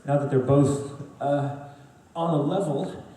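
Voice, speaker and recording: A man who voices cartoon roles, telling animated, laughing stories at a fan Q&A panel in a big hall. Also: on the high side, unhurried. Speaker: voice actor panel guest. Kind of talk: storytelling Q&A panel. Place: large convention panel hall. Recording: echoey hall, distant mic, heavy noise.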